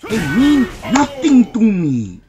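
A man giving live fighting-game commentary, boasting and trash-talking the opponent with heavy profanity, often shouting. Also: very high voice, wildly swooping pitch, takes it slowly. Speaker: gameplay commentator.

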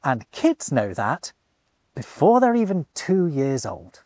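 Lively man presenting in a dry studio. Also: a little high, slow, no echo. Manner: animated, enthusiastic explainer. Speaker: host. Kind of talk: scripted presenter narration.

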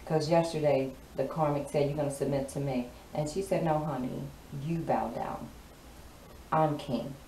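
A woman's voice: low voice, fairly even intonation, normal speed, dark tone. A woman giving a casual tarot reading in a sassy, emphatic way, often repeating her lines for effect. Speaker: tarot card reader. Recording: roomy, distant mic, clear background noise.

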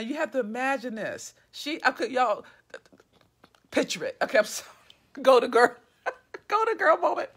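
A woman reading her own story aloud and breaking off to gush and swear about her characters. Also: fairly high pitch. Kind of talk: live reading with commentary.

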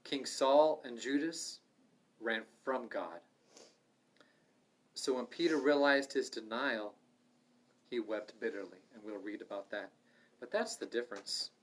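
A middle-aged man leading a livestreamed Bible study, earnest and conversational, swinging from loud urging to soft asides. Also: mid-range voice, a little slow, pauses often. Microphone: livestream microphone.

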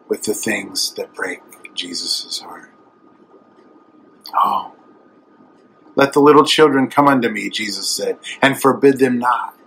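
A man's voice: mid-range voice, pushed and bright, breathy edge, poor audio. A middle-aged man preaching a sermon, speaking tenderly and with strong emotion that swells to emphatic. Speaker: evangelist.

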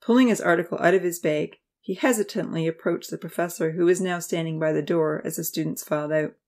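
A woman narrating an audiobook in steady storytelling style. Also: on the low side, brisk.

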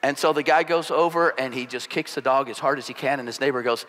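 A male pastor preaching a sermon in a relaxed, conversational, joking storytelling manner. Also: medium pitch, fast, hardly any pauses. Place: church sanctuary. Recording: long hall reverb.

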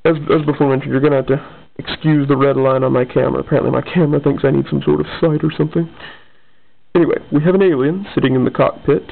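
A man's voice: mid-range voice, steady tone, fast talker, gravelly. A man casually reading his own comic aloud, with rambling asides. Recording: tinny lo-fi phone-like sound.

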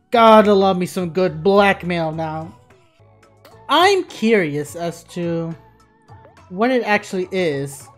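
A woman playing a video game, giving casual commentary in an excitable way, swearing freely. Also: on the low side, takes it slowly, faint music behind. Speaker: let's play gamer.

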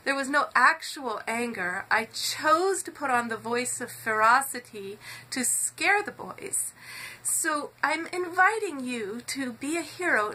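A woman hosts her own show with a motivational talk. Her voice sits high and rings bright, and she speaks in an earnest, animated way, urging her listeners to act. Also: low-quality recording. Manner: earnest and animated, acts out quoted shouting in a raised voice. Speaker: host.

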